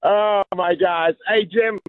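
An excitable male caller gushing on sports radio. His voice runs high and comes through a tinny phone line, dry and close. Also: takes it slowly, no room sound. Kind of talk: excited call-in chat.

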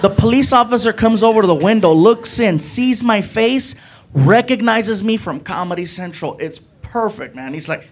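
High-voiced animated stand-up comedian man. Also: normal speed. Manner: animated, swings to shouting. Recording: noisy live recording.

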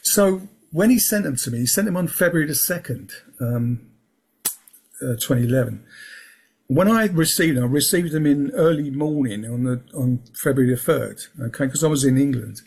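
A man's voice: medium pitch, normal speed, creaky, darkish tone, slightly rough. A man talking casually as an interview guest, rambling, restarting his sentences and filling with um and yeah. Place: lives in England.

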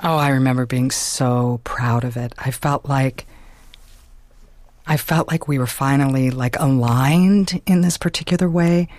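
A woman's voice: a bass voice, measured pace, a little mellow, dry recording. A woman guest in an interview, talking casually with frequent "like" and easy laughter. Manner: casual, lots of "like", laughs easily. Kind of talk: conversational interview.

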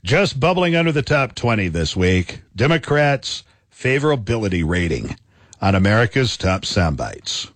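Lively man counting down radio hits. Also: on the low side, moderate pace, dry recording. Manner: announcer delivery, punchy.

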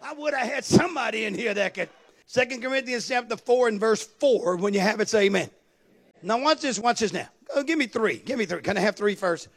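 A man preaching a sermon, calling out to the congregation for responses and building to shouts. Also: high-pitched, lively intonation, fairly quick. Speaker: pastor.

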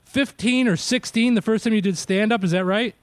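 Male radio host in his 30s, high voice, dry close studio sound, loose and chatty. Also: fairly quick, no echo. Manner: chatty, laughs easily, frequent filler words. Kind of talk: casual radio interview.

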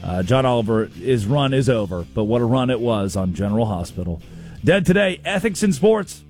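A man hosting a casual, comedic sports talk show, telling stories with quick asides. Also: mid-range voice, soft background music. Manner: animated storytelling with quick asides. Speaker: sports radio host.

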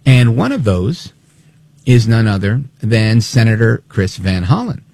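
Talk radio host, man, gravelly, dark husky voice, lively snide delivery. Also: on the low side, unhurried. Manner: animated, snide, acts out quotes. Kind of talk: opinionated political talk radio.

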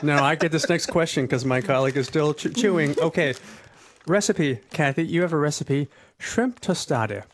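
A man's voice: a little high, animated, moderate pace, a little hiss or hum. A man co-hosting a radio show, joking in a dry way. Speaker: radio co-host. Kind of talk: casual radio chat.

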